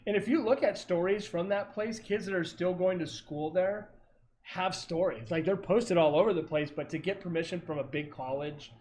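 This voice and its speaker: A man with a fairly high voice recounts paranormal investigations over a video call. He rambles, trails off and corrects himself, and a faint hiss sits under his voice. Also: moderate pace, darkish tone. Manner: rambling, many fillers and self-corrections.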